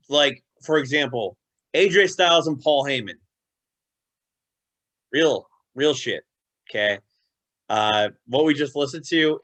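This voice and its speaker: Male podcast co-host, casual, insistent, bright tone. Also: mid-range voice. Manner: emphatic, repetitive, swearing. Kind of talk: casual chat.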